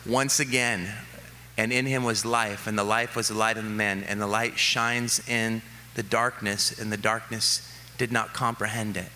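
Male pastor giving a sermon; bright, forceful tone, animated storyteller who drops into hushed sincerity. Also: fairly low pitch, slight background noise. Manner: animated storytelling, quoting his kids with rising excitement; slows to a soft, earnest delivery for reflection.

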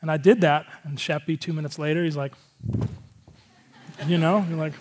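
A man's voice: fairly high pitch, fairly even intonation, normal speed, slight background noise. A male pastor giving a casual, conversational sermon, earnest and rambling, with a lot of filler words.

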